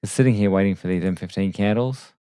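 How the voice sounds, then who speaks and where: A man hosting a live trading stream late at night, talking quietly and casually with self-deprecating asides. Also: deep voice, fast, smooth, no echo. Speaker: trading livestream host. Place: home desk at night. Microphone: desk microphone.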